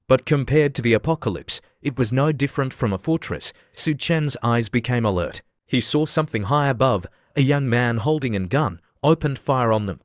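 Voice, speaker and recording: A man's voice: mid-range voice, no room sound, studio quality. A man narrating an anime recap and reading every character's lines in much the same voice. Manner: reads all dialogue in the same near-flat voice.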